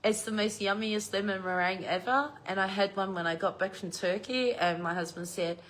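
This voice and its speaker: A middle-aged Australian woman vlogs from home, telling her viewers a family story in an easy, chatty way and swearing freely. Her bright, sharp voice sits at medium pitch, and she keeps the tale moving briskly.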